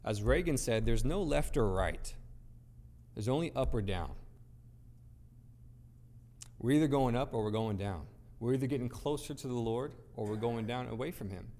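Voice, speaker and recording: A man's voice: mid-range voice, lively intonation, normal speed, pauses often, warm tone. A man preaching a sermon to a gathered audience, speaking emphatically with rhetorical questions and repeated phrases. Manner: emphatic, rhetorical, builds points through repetition. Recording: long reverb of a large hall.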